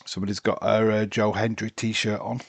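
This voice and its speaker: A man's voice: on the low side, level tone, a little fast, creaky, breathy edge, dry recording. A sleepy, tired man commentating a live wrestling watch-along, rambling and talking to himself. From United Kingdom.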